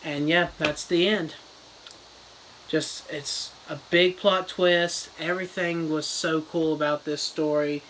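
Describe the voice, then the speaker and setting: A reviewer retelling a novel as a crude, rambling comedy summary with deadpan jokes. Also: mid-range voice, takes it slowly, a little hiss or hum, low-quality recording. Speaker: book reviewer.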